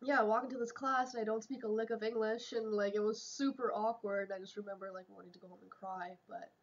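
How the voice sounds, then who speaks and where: A woman's voice: mid-range voice, steady tone, fast talker, lo-fi sound. A young woman from Germany, a podcast guest, talking in a candid, emotional way and swearing freely. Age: young adult. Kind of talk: casual chat.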